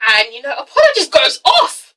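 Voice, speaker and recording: A woman's voice: sits high, huge pitch swings, moderate pace, pushed and bright, far from the mic, poor audio. A woman reviewing a TV episode in a casual, gossipy rant, frank and swearing freely. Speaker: TV show reviewer.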